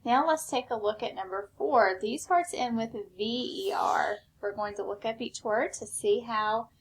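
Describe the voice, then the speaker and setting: A woman teacher giving a recorded spelling lesson, slow and patient, step by step. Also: fairly high pitch, creaky.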